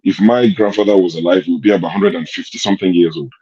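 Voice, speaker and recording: A man with a lowish, dark and husky voice makes his case in casual political commentary, firing off rhetorical questions. The audio comes over a remote call and sounds dull and lo-fi. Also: fairly even intonation, quick pace. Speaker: show host.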